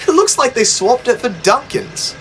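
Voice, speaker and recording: A man voicing a boastful, chatty young male tank engine who talks in an excitable, self-important way. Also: very high voice, normal speed, slight background noise, voice pushed up, full character voice, low-quality recording. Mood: indignant.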